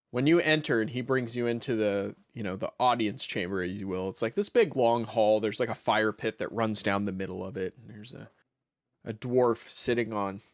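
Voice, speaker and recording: A man narrating a tabletop role-playing game as game master, in a relaxed, rambling way with many fillers. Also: lowish voice, no room sound, clean studio sound.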